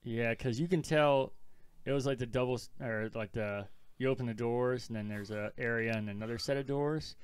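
A young man co-hosting a podcast, telling stories in a relaxed way and swearing casually. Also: medium pitch, moderate pace, clean tone. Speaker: podcast co-host. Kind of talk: casual chat.

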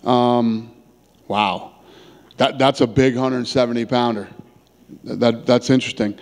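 A man's voice: mid-range voice, fairly even intonation, unhurried, darkish tone. A middle-aged man answering press questions in a blunt, casual way, often restarting his words. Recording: long reverb in a big room.

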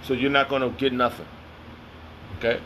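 A man's voice: mid-range voice, fairly even intonation, moderate pace, a bit bright, a little hiss or hum. A man reading scripture aloud and commenting on it in a heated, confrontational, slangy way. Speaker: self-styled preacher.

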